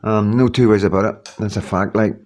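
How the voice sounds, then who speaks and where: A man's voice: lowish voice, fairly even intonation, fairly quick, darkish tone. A man in his fifties giving a rambling, earnest motivational talk to his viewers, full of repeats and "you know what I mean". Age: 50s. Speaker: YouTuber.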